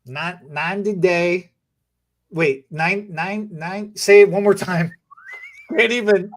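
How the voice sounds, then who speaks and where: High-voiced, laid-back man. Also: takes it slowly. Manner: laid-back, joking, wraps up with direct address to viewers. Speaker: hairstylist co-host. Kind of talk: casual chat.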